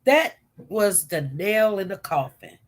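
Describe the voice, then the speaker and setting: On her casual commentary livestream, a woman with a cold coughs here and there while chatting directly with viewers and chat. Her mid-range voice is expressive, and she takes things slowly.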